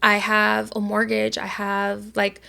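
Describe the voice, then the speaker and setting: A woman's voice: mid-range voice, completely flat delivery, slow pace, creaky, sharp tone. A woman co-hosting a podcast in casual chat, rambling with lots of "like" and casual swearing. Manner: rambling, heavy filler "like", swears freely. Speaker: podcast co-host.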